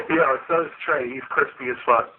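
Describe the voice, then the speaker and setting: Brief: man, lively swooping roast banter, lo-fi phone-like chat with faint hiss. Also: a little high. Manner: crude mocking jokes, laughing at his own lines. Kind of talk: trash-talk roast over voice chat.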